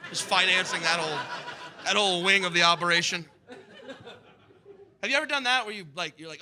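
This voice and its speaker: A male stand-up comedian from the United States performing live on stage, animated and profane with sudden shouted bursts. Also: on the high side, fast.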